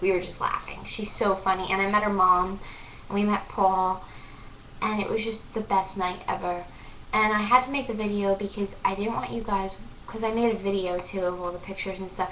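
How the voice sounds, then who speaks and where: A young woman vlogger excitedly telling a story to the camera, gushing and full of "like" fillers. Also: medium pitch, distant mic, slight background noise. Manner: breathless, gushing, lots of "like" fillers. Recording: echoey room, voice off-mic.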